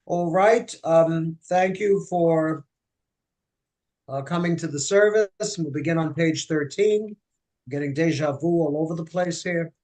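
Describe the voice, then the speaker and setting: A man's voice: on the high side, unhurried, darkish tone. A man leading a Friday night service in a synagogue, telling an old joke in a chatty, joking way. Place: synagogue sanctuary.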